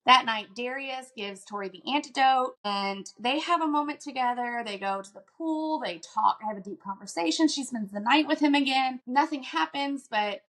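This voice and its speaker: A woman with a fairly high voice recaps a novel for a podcast audience. She talks in a casual, animated way and drops into a lower, faster voice for quick paraphrased quotes. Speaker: podcast co-host.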